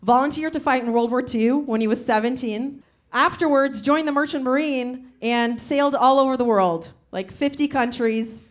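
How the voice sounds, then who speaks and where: Woman, young adult, from the Soviet Union, stand-up comedy, deadpan, slightly high pitch. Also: normal speed. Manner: chatty storytelling, deadpan punchlines. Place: comedy club stage.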